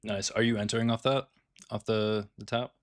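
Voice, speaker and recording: A man's voice: lowish voice, level tone, normal speed, no echo, studio quality. A man giving casual live commentary on his day trades, laid-back and swearing freely as he talks with fellow traders.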